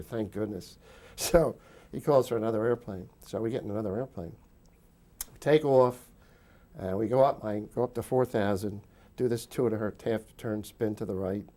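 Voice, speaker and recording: A man's voice: on the low side, warm tone. An older man in an interview, recounting wartime memories as a rambling storyteller who chuckles often between fillers.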